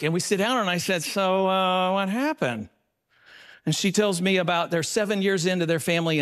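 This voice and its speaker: High-voiced man telling stories to an audience. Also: fairly bright tone. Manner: storytelling, earnest, varies pitch widely. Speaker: speaker at a marriage seminar. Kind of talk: speaking to a live audience.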